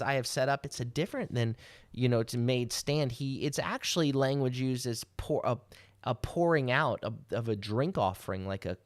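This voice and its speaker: A man teaching as a rabbi at a middle pitch, walking through scripture verse by verse. He checks in with his listeners again and again and builds to emphatic calls to action. The recording is close and dry. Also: no room sound. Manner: explains verses with frequent "right?" and restarts, rising to emphatic exhortation. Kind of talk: sermon teaching.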